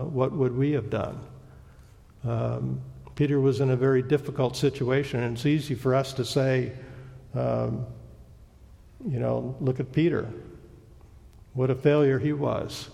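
A man preaching a sermon as pastor, with a halting, reflective delivery. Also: medium pitch, creaky, warm tone. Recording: long church-hall reverb.

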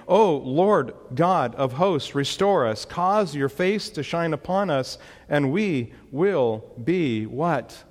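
A male pastor preaching a sermon emphatically, rising on pleas and dropping low for asides, in a church. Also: in a large hall.

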